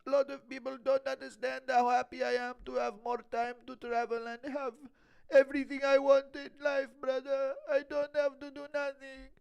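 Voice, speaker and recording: Man doing a boastful rich fighter voice, broken English, high and raised, mock-cheerful, smooth tone. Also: completely flat delivery, low-quality recording. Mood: smug mocking. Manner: mock-cheerful, exaggerated, drawn-out.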